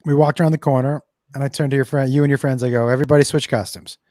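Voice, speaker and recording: A man's voice: medium pitch, very fast, dry recording, studio quality. A middle-aged man co-hosting a podcast, swearing freely and acting out dialogue as he tells stories. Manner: lively, swearing, acts out dialogue. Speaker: podcast co-host. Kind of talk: casual storytelling chat.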